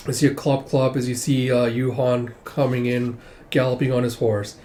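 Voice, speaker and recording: Casual comic reviewer, male, mellow and easygoing, reads the dialogue aloud. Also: mid-range voice, flat delivery, moderate pace, a little hiss or hum. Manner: paraphrases and reads quoted dialogue, "he's like". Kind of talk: casual comic read-through.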